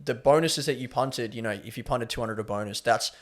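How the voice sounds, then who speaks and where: A man, co-hosting a casual chat and telling anecdotes with lively quoted dialogue. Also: medium pitch, fairly quick. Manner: animated storytelling, quotes people. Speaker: podcast co-host.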